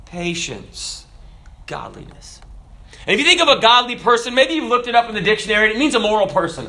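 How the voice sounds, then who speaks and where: Guy preaching a sermon, high bright voice, swings up and down a lot, jokes around. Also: a little fast. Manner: animated, joking, teaches from scripture.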